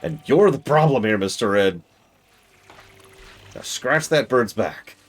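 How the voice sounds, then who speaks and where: A man streaming a game, commenting live and exasperatedly scolding the characters on screen, switching between loud outbursts and low muttering. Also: expressive, slow, soft background music.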